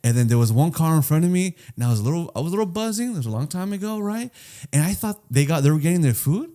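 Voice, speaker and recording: Podcast co-host guy, animated, swears a lot, higher voice that bounces all over. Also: fast. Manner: animated storyteller, swears freely, acts out voices. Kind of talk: casual chat.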